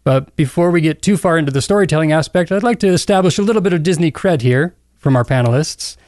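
A man hosting a podcast in casual conversation, chatty and quick with asides. His voice is fairly high for a man. The sound is dry and close on a studio mic. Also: darkish tone, dry recording. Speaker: podcast host. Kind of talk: casual chat.

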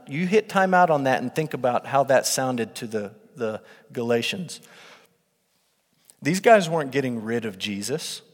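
A man preaching a sermon, teaching through a Bible passage in an animated way as he reads verses aloud and acts out quotes. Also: mid-range voice. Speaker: pastor. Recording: long hall reverb.

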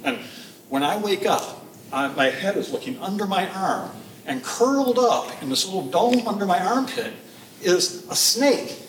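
A man telling a lively personal story on a theater stage, acting out shouts and reactions. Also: sits high, distant mic, slight background noise. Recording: echoey hall from afar.

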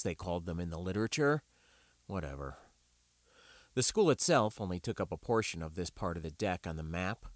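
A man narrating an audiobook with a wry, expressive reading. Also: fairly low pitch, dry recording.

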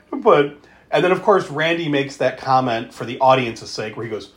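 A man's voice: medium pitch, normal speed, fairly bright tone. A man co-hosting a podcast, recapping a movie in casual chat, laughing often, swearing freely and acting out the characters' lines. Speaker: podcast co-host.

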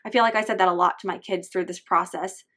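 A woman's voice: fairly low pitch, steady tone, fast talker, fairly bright tone. A woman hosting a faith-based parenting podcast, speaking in a heartfelt, openly emotional and earnest way. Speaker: podcast host.

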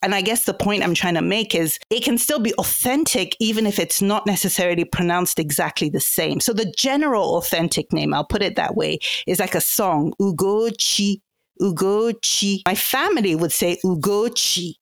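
A woman's voice: lowish voice, animated, a little fast, hardly any pauses, no room sound. A woman, a podcast guest who explains patiently and laughs often in conversation. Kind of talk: conversational interview.

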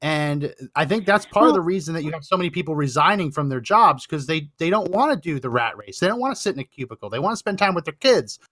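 A man's voice: on the high side, animated, quick pace, few pauses, bright, forceful tone, no echo, clean studio sound. A man hosting a call-in talk show, chatty and agreeable, often affirming the caller. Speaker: host.

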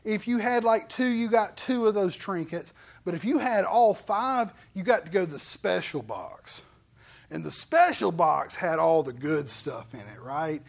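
Man, pastor, high voice, folksy animated sermon, playful asides. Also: unhurried, creaky.

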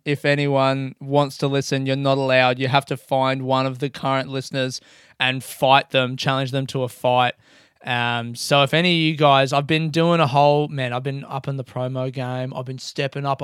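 A young man hosting his podcast in a casual, rambling monologue, excitable and swearing freely. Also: medium pitch, clean tone, no echo, studio quality. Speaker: podcast host and comedian.

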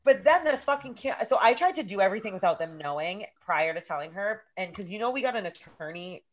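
Speaking quickly in a medium-pitched voice, this woman in her thirties co-hosts a podcast and tells a story during casual chat. She's energetic and animated, and she swears a lot.

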